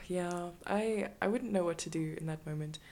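A woman co-hosting a casual comedy podcast, relaxed and giggly, with lots of small agreeing sounds. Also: on the low side, a little slow. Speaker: podcast co-host.

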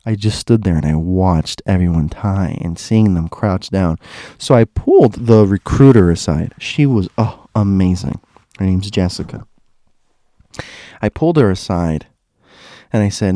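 A man's voice: deep voice, unhurried, warm tone, no echo, studio quality. A young man casually telling a personal story, rambling with restarts and asides.

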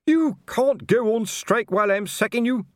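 A man voicing a blustering middle-aged male watch sergeant, shouting in outrage. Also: a little high, big pitch swings, normal speed, no room sound, clean studio sound, pitched above the performer's own voice. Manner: shouting, indignant and red-faced.

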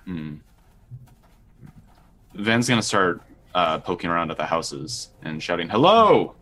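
A man playing a tabletop game, thinking aloud deliberately about his character's next move. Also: low-pitched, bright, forceful tone. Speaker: player.

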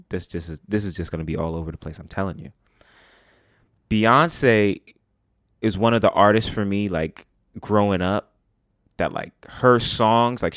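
Casting: young New man, lowish voice, rambly slangy podcast host, dry close sound. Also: dry recording. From New York City. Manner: rambling, animated, slangy, full of "like" and "bruh". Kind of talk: casual solo podcast talk.

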